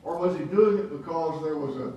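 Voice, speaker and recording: A man's voice: fairly high pitch, brisk, dull audio. A man teaching a Sunday Bible class, questioning the class and often repeating and restarting his words. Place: church classroom. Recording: echoey room from far off, faint hiss.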